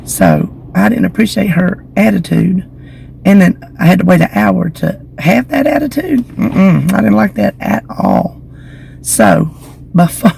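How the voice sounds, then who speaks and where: Gravelly woman, slightly hoarse vlogger. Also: fairly low pitch, sing-song, unhurried, long pauses, a little mellow, slight background noise, poor audio. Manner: chatty, gossipy storytelling with giggles. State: slightly hoarse from lingering illness. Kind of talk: casual chat to camera. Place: outdoors in the shade beside a building. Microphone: phone camera.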